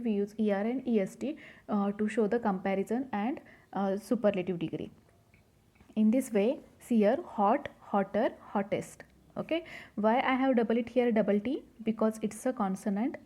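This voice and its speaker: A woman's voice: on the high side, mellow. A woman teaching a grammar lesson, patiently repeating each rule and asking the class questions. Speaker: English teacher. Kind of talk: grammar lesson explaining rules.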